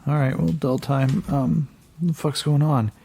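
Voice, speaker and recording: A man doing a gravelly, cursing fighter. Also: on the high side, steady tone, unhurried, dark tone, full character voice. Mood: gruff. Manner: profane, blunt, commanding. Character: hard-bitten male resistance fighter rallying troops.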